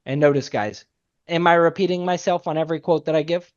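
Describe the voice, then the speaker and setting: A man coaching a room of salespeople with animated energy. He repeats his key points and acts out both sides of client calls. The recording sounds a little muffled and lo-fi. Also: a little high, fast talker. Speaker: sales trainer. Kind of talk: sales training talk.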